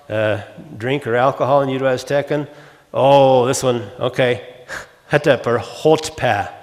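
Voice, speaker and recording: A man giving a conference lecture, reading out lists of words and their meanings at a brisk clip, often pausing with uh and restarting words. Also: medium pitch. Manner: rapid, fills with uh, restarts words, reads word lists aloud. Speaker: conference speaker. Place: conference hall. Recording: long hall reverb.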